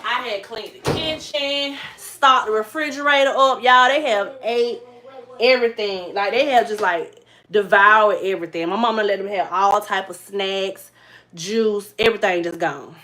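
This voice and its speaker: At normal speed and medium pitch, a woman with a Southern Georgia accent chats with live viewers in her kitchen, relaxed and drawling. She's a vlogger and mother using a phone on a tripod, and the room is echoey with faint noise.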